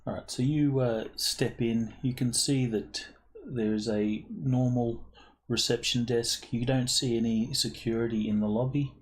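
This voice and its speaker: A man running a tabletop game as game master, narrating casually with many pauses and ums. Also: medium pitch. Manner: relaxed, filler-heavy narration with ums. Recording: faint background noise.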